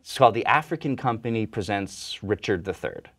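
A young man, an actor, chatting in an interview and telling relaxed, joking stories. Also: lowish voice, fairly quick. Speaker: actor and guest. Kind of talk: casual interview chat.

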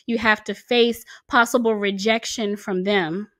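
A woman in her forties hosts a commentary video, talking to camera with earnest emphasis and pushing harder whenever she stresses a point. Her voice is medium-pitched and a bit bright, with fairly even intonation and a measured pace.

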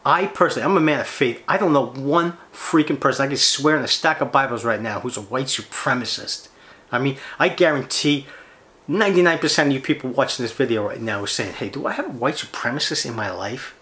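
A man's voice: animated, a little fast, bright, forceful tone. A middle-aged American man hosting a fishing channel, delivering a heated, indignant rant full of rhetorical questions. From United States. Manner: fired-up, indignant, swinging pitch, rhetorical questions. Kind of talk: heated ranting monologue.

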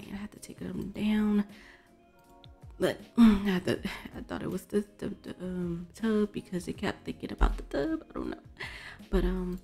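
A woman's voice: on the low side, creaky, dark tone, breathy edge. A woman hosting a casual let's play, chatting and exclaiming at the characters in her game. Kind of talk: casual gameplay commentary. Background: faint background music.

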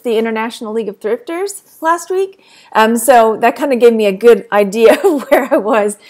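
A woman with a Texan accent chatting casually to camera as a reselling vlogger, rambling and laughing often, a little tired. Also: a little high. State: tired, yawning.

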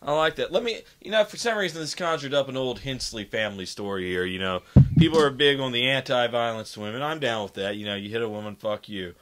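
A man's voice: medium pitch, expressive, quick pace, a bit bright. A man hosting a podcast interview, loose and joking, swearing freely. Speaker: podcast host. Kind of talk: casual interview chat.

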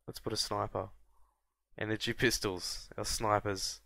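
A man from Australia, casually commentating a strategy game and often breaking into high excited yelps and laughs. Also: unhurried, gravelly, no echo. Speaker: gameplay commentator. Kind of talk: casual let's-play commentary.

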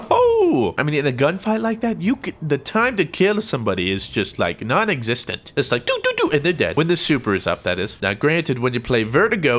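Excitable young man narrating his gameplay. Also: on the high side. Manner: excitable, jokey, prone to yelps and laughs. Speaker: gaming YouTuber. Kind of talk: gameplay commentary.

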